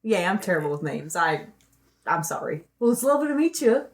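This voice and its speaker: A woman's voice: on the low side, big pitch swings, brisk. A woman voicing a huge, friendly male furbolg in a tabletop game, effusive and rambling with stammers. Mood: chatty.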